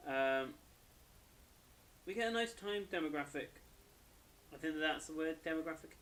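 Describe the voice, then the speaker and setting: A man's voice: fairly high pitch, animated, moderate pace, a bit bright, a little hiss or hum. A young man, tired and yawning, casually reviewing an anime episode in a rambling, self-correcting way.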